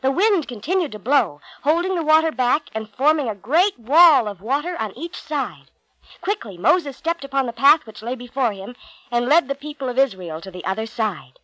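A woman narrating Bible stories from a storybook in a gentle, clear way. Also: sits high, lively intonation, moderate pace, no echo, low-quality recording.

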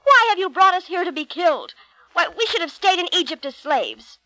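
A frightened crowd of fleeing people crying out bitterly in a high, strained, loud voice, as a woman narrator puts them on. The storybook voice sounds dry and close. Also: very animated, fairly quick, no echo, full character voice, rough recording. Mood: panicked. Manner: shrill, bitter and panicked.

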